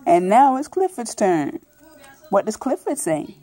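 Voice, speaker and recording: A woman's voice: medium pitch, big pitch swings, unhurried, over music. A mother reading a picture book aloud to her toddler at home, playfully coaxing and imitating animal sounds.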